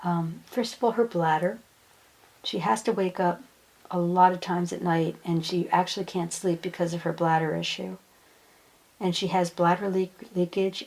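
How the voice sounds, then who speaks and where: A woman hypnosis practitioner gently passing on messages in a soft way, often repeating her words. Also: lowish voice, steady tone, normal speed, creaky, low-quality recording. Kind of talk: gentle relaying of channeled messages.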